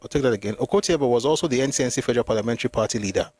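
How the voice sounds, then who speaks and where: A man's voice: mid-range voice, a little mellow. Man reading history aloud. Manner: reads steadily, pauses to comment and reread. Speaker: history channel host. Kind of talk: reading a memoir aloud with commentary.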